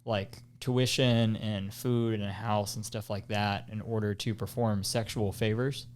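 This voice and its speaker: A man's voice: on the low side, fairly even intonation, measured pace, darkish tone. A man co-hosting a casual podcast chat, explaining things at length with lots of ums and restarts. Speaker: podcast co-host.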